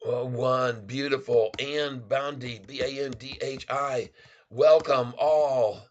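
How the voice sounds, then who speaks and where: A man hosting a live day-trading stream, excitedly calling out prices, placing orders and greeting viewers as "folks.". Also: mid-range voice, takes it slowly, lo-fi sound. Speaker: stock trading livestream host.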